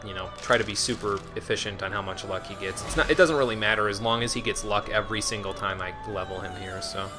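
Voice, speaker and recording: A man's voice: on the low side, fast talker, few pauses, over music. A man giving casual live-stream commentary on a game, chatting to viewers in a self-deprecating way. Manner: chatty, answers chat, self-deprecating with restarts.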